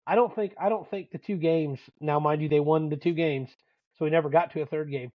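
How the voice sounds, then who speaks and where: A man's voice: fairly high pitch, steady tone, a little fast, no echo. Profane, storytelling man, lo-fi sound. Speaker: podcast co-host; youth sports dad and coach. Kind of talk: casual sports banter.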